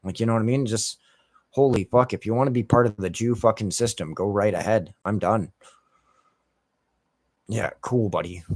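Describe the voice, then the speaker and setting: A man's voice: lowish voice, moderate pace, long pauses, dry recording. A man from the United States ranting over gameplay as a gaming streamer, in heated, heavily profane rambling talk.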